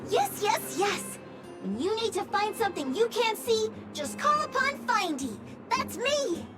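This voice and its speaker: A tiny, cheeky robot gadget in a game, squeaking out beeps in a very high, bouncy voice. It rattles off its model specs like a sassy appliance. Game music plays underneath. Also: female voice, lively intonation, moderate pace. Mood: chirpy. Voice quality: says "beep" aloud between lines. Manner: sassy, cheerful, singsong announcements. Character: chirpy small robot object finder, cheeky. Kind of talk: video game voice acting. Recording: game audio with background music.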